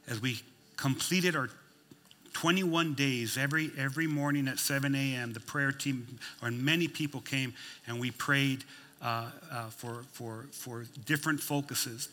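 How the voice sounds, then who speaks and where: A man's voice: medium pitch, pushed and bright. A male pastor preaching a sermon, folksy and emphatic, telling a story with many restarts.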